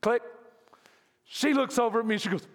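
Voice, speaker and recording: A male pastor preaching a sermon in a church, talking in an animated, conversational way and calling out to his congregation. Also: very high voice, moderate pace. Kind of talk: lively sermon. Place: church sanctuary. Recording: long reverb of a church hall.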